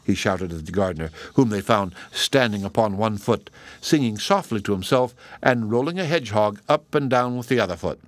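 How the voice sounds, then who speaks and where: A man reading a storybook aloud as narrator in an expressive, measured way. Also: lowish voice, no room sound.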